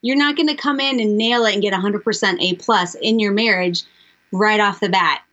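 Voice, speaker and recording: A woman's voice: mid-range voice, a little fast, fairly bright tone. Female radio guest, direct and encouraging, slightly muffled sound. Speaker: guest speaker. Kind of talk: relaxed radio interview talk.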